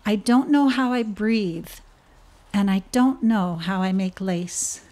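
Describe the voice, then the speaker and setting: A gentle storybook snail speaks quietly and calmly, as a woman reads her part. Her words are slow and soft. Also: medium pitch, natural voice. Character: gentle quiet female snail, calm and kind.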